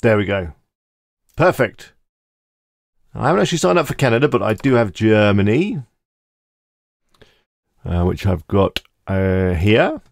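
A man with a low, gravelly voice talks through a screen-recorded tutorial, easy and casual, thinking aloud as he clicks. The sound is close and dry, with no room around it. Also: big pitch swings, a little slow, long pauses, no room sound. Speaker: tutorial host.

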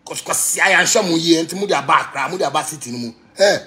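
A Ghanaian man ranting on a casual livestream, animated, with sharp swings from low mutters to loud outbursts. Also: fast talker. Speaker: musician on a livestream.

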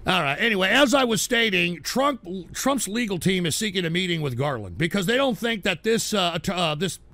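A man hosting a live stream, reading chat and ranting in an irritable, profane way, swinging between grumbling and loud outbursts. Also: high voice, lively intonation, fairly quick, dry recording. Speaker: livestream host.

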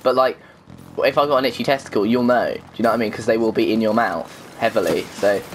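A man giving rambling, crude, excitable commentary while playing an online shooter, often shouting at the game. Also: medium pitch, fast talker, a little hiss or hum. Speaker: gaming YouTuber. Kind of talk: live gameplay commentary.

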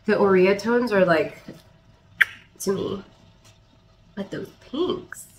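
A young woman chatting excitedly as she unboxes plants, hesitant, with restarts and little laughs. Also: mid-range voice, slow, highs cut off, background noise. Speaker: plant channel host. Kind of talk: casual unboxing chat.

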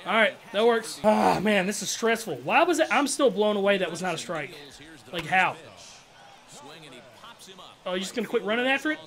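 A man giving casual, slangy commentary over his own gameplay, excitable and trash-talking, with loud outbursts. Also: sits high, normal speed, long pauses. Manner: slangy, keeps saying bro and dog. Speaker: gaming YouTuber.

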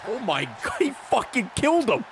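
Excitable high-voiced man streaming a game. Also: normal speed, crowd noise. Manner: excitable, swearing play-by-play with bursts of laughter. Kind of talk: live-stream gameplay commentary.

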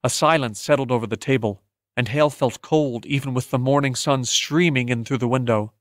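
Male audiobook narrator, steady measured read, dead-dry booth. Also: mid-range voice, dry recording. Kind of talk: scripted narration.

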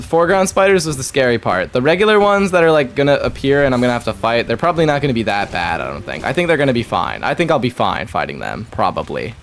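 A young man talks through his game live, jumpy and nervous, cursing as he goes. His pitch swings up and down a lot, with a faint hum of background noise. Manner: jumpy, nervous running chatter with swearing. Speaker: streamer. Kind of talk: live gameplay commentary.

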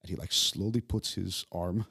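A young man from New York with a New York accent, a chef talking in a casual podcast conversation, profane and animated, restarting his sentences often. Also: deep voice, moderate pace, vocal fry, breathy edge. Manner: profane, animated storyteller with many stammered restarts. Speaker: guest chef.

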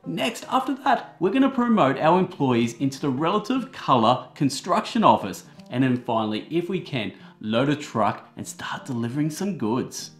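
A man gives a comedic board game review, cracking slangy jokes as he explains the rules. His pitch swings widely from line to line. Faint music plays behind him. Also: normal speed, hardly any pauses. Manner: jokey, animated, slangy asides.

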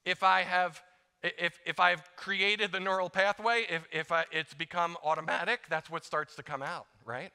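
A bright, ringing male voice, pitched a little high, preaching a casual, joking sermon in a church with a long reverb. He is middle-aged and talks like he is chatting with the congregation, acting out short prayers as he goes. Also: fairly even intonation, normal speed, creaky, clean tone. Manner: conversational, self-deprecating, acts out little prayers. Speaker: guest preacher. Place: church sanctuary.

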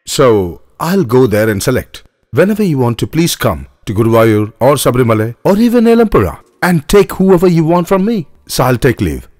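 An actor dubbing a scheming, smooth-talking male trader in beggars who speaks persuasively and deferentially, in an English film dub. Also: mid-range voice, very animated, a little fast, a little mellow, no echo, studio quality, lightly acted. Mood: polite.

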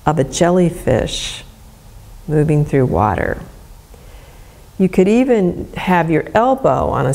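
A middle-aged woman guiding a gentle movement lesson in a soft, soothing, unhurried way. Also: low voice. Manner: soft, slow, soothing instruction. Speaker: movement educator.

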